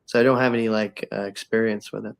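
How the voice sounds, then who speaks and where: A man who is a guest on a casual chat, talking in a relaxed, supportive way and hesitating with fillers. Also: on the low side, fast, vocal fry, smooth.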